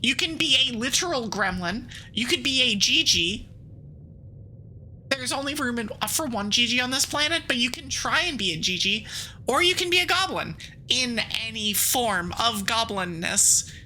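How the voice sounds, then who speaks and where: A woman VTuber chats through a game stream with a very bright, cutting voice that swings widely in pitch. She rambles playfully, with quick asides and giggles, and stops now and then to read the game text aloud. Her voice sits a little high. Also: lively intonation, a little hiss or hum, rough recording.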